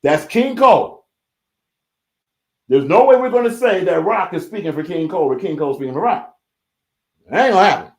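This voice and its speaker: A man's voice: high-pitched, lively intonation, quick pace, darkish tone. A man hosting a casual live reaction stream, reading viewer comments aloud and repeating his phrases as he goes. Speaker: livestream host reading chat.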